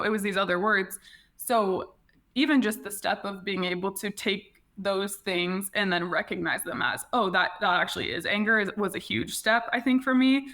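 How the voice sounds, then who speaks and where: A woman's voice: medium pitch, pushed and bright. A woman guest on a casual podcast interview, speaking reflectively with many "like" fillers and restarts.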